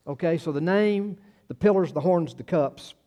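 This pastor, a man in his sixties, preaches a folksy, conversational sermon full of repeated words and personal stories. His voice sits on the high side and sounds warm, and he speaks at a normal speed.

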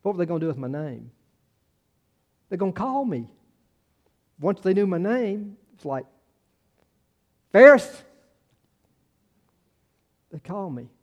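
A man's voice: sits high, very animated, normal speed, pauses often, mellow, highs cut off. A man in his sixties preaching a sermon in a folksy, conversational way, repeating words and telling personal stories. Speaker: pastor.

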